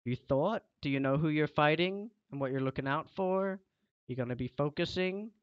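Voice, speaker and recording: A man's voice: on the high side, moderate pace, smooth, no echo, dull audio. A young man streaming a game, lecturing and scolding a teammate in casual chat.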